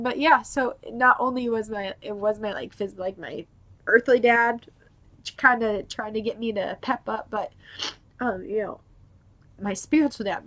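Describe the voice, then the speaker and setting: Young mom, home testimony vlog, loose and rambling, slightly high-pitched. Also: female voice, bright, forceful tone. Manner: casual, rambling, with many filler words. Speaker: mother sharing her faith testimony.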